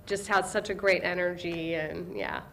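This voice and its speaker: A woman being interviewed as a librarian, telling stories with lively energy and briefly imitating the excited kids she works with. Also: lowish voice, normal speed, creaky, slight background noise. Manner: animated storyteller, acts out kids' voices with excitement. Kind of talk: conversational interview.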